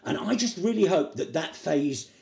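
Brief: wry comic guest, man, high lively voice with gravel, laughs through his words. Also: normal speed, a little hiss or hum. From Stoke-on-Trent. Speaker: comedy podcast guest. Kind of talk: casual comic chat.

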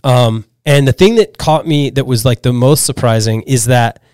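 Animated storytelling snowboarder man, dry sound. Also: mid-range voice, normal speed, smooth, dry recording. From Pennsylvania, US. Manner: animated storyteller, many "like"s and restarts. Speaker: podcast guest. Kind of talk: casual storytelling chat.

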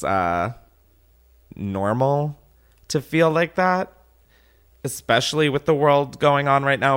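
A man's voice: mid-range voice, a bit bright. A man hosting a podcast, ranting casually and exasperatedly with lots of swearing. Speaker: podcast host.

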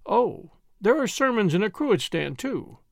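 A man voicing a mild, vague, gently wry priest detective in a dry audiobook reading, quiet and grave by turns. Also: high-pitched, very animated, a little slow, gravelly, no echo, voice pushed up, exaggerated voice.

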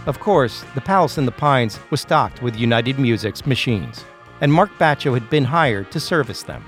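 A man delivering measured, scripted narration for a true-crime podcast. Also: mid-range voice, animated, faint music behind.

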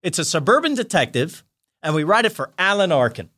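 Man, middle-aged, podcast guest, animated anecdotes, high lively voice, bright. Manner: animated, excitable, quick to laugh. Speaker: guest, writer-producer.

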